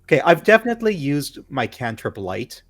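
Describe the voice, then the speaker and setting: A man's voice: fairly high pitch, sing-song, a little fast. A man playing a tabletop game, talking casually and often stammering. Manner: hesitant, stammering. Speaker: player.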